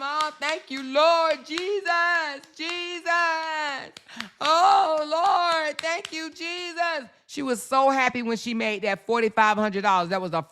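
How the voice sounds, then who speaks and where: Woman host ranting on camera; blunt, cursing, mocking, with a bright, clean tone. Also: mid-range voice. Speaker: vlogger host. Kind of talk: casual ranting commentary.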